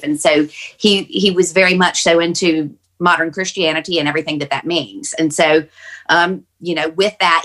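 Woman on a podcast, kinda low voice, earnest story, takes her time. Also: fairly bright tone. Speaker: podcast guest. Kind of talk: personal storytelling on a panel podcast.

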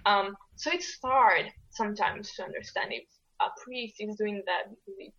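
A woman's voice: medium pitch, lively intonation, normal speed, pushed and bright. A young woman from Italy, casual and rambling, full of fillers and restarts. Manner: rambling, many fillers and restarts, laughs often. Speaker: guest co-host. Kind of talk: casual conversation. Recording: lo-fi dull audio.

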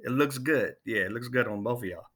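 Bright-voiced laid-back pastor guest. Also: male voice, medium pitch, a little fast. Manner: relaxed, informal, laughs easily. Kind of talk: casual podcast conversation.

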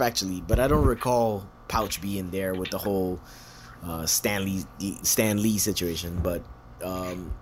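A man casually telling a story, swearing often, laughing and jumping into high voices to quote people. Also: a little hiss or hum.

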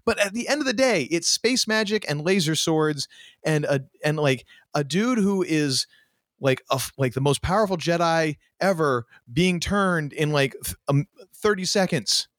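Animated ranting man, lively pitch. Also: normal speed, dry recording, studio quality. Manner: animated, ranting, frequent restarts and mock quotes. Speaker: podcast co-host. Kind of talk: casual chat.

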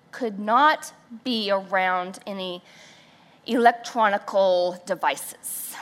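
A woman speaking at a church service, telling a playful, self-mocking story with animated, acted-out quotes. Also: medium pitch. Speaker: church speaker, pastor's wife. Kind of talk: storytelling sermon.

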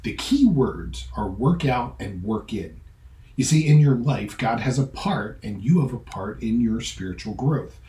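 A man's voice: mid-range voice, very animated, measured pace, mellow. A man hosting a podcast, giving a conversational sermon that moves from a personal story into earnest teaching with emphatic repetition. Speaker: pastor and podcast host. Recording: roomy echo.

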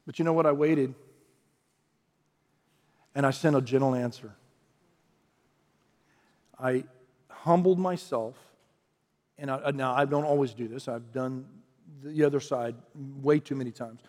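A man's voice: medium pitch, fairly even intonation, measured pace, long pauses, darkish tone. A male pastor preaching a sermon in a conversational style that builds into emphatic, repeated phrases. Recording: long reverb from a large hall.

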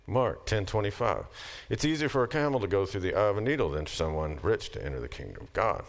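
A middle-aged man gives a casual lecture in a fast, gravelly, fairly low voice with lively intonation. He moves between plain conversational talk and scripture passages he reads aloud with rising emphasis.

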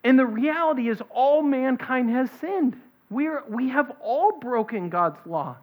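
A woman preaching an expository sermon, reading scripture aloud and stressing its points in a deliberate way. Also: high-pitched, animated. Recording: dull lo-fi recording.

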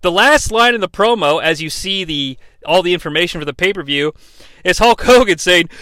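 Animated, sarcastic male podcast host. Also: high voice, fairly quick, dry recording. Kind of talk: comedic wrestling recap.

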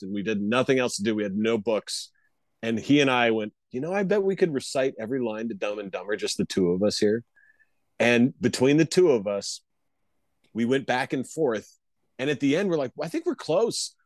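A man talking as a comedian guest on a podcast, telling animated stories and laughing often. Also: medium pitch, no room sound. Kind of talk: casual interview chat.

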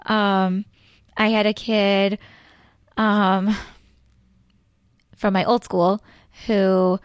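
A woman's voice: medium pitch, flat delivery, very slow, clear, resonant tone, no echo, studio quality. A woman in her thirties, a teacher guest on a podcast, speaking hesitantly with many ums and you-knows. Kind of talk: casual podcast chat.

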